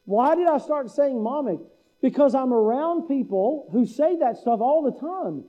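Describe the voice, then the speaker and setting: Folksy high-voiced male preacher. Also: lively intonation, moderate pace, warm tone, lo-fi sound. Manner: folksy, mimics local speech for laughs. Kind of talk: sermon. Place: church hall.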